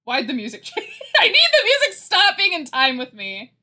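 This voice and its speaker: A woman hosting a livestream chats casually with her viewers, laughing often between lines, while faint music plays in the background. Her voice is very high and sharp, with huge pitch swings and a brisk pace.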